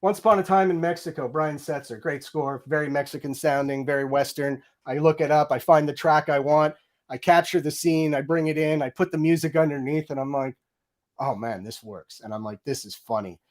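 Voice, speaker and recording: Animated storytelling man, higher voice. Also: brisk. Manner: excited storyteller acting out quoted lines. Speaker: guest, game audio director.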